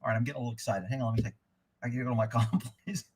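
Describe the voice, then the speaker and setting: A man's voice: mid-range voice, fairly even intonation, racing, background noise. A middle-aged man hosting a live stream, reading headlines aloud and ranting about them with heavy profanity. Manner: reads news headlines then reacts. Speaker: livestream host.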